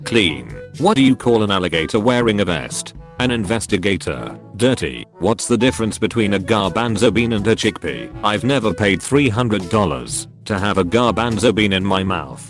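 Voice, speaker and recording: Male narrator, low and lively, deadpan joke reading, faint music underneath. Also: moderate pace, few pauses. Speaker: narrator reading Reddit posts. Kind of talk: scripted narration of jokes.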